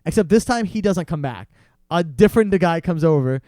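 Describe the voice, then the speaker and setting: A man's voice: on the high side, fairly quick, no echo, studio quality. A young man, a podcast guest, telling a long story in casual chat and acting out other people's lines as he goes. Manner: animated, acts out salesmen's voices in quotes.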